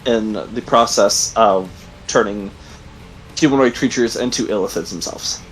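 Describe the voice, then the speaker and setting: Halting male game master. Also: on the low side, soft background music, poor audio. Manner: halting, many ums and likes. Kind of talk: narrating a tabletop game.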